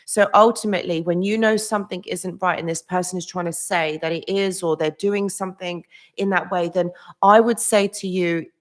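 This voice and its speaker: A psychology channel host with a low-ish voice and fairly even intonation speaks at normal speed on a live stream. She chats casually, greets viewers by name and leans heavily on "literally" and "like," restarting often and laughing a little.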